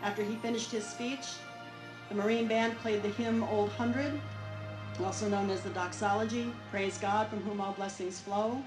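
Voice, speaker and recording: A woman reenactor telling a historical story to an audience in a clear, earnest way. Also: medium pitch, steady tone, moderate pace, echoey room, over music, poor audio. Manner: clear, earnest narration with occasional fillers.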